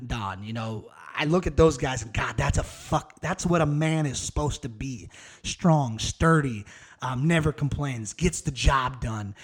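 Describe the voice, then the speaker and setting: A man in his thirties talks through a solo podcast episode with a mid-range voice. He rambles loosely and candidly, with frequent cussing and a plain, casual delivery. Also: medium pitch. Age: 30s. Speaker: podcast host.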